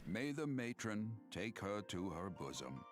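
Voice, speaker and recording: A man voicing a solemn male cleric, intoning a blessing slowly and gravely from a video game. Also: lowish voice, sing-song. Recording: distant game audio under loud music.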